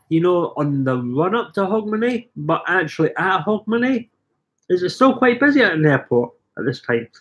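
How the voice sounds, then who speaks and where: Middle-aged Scottish man, hoarse with a cold, rambling chatty live-stream host, self-mocking, voice sits a bit high. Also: a bit bright. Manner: chatty, self-mocking, reading out viewer comments. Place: living room at home.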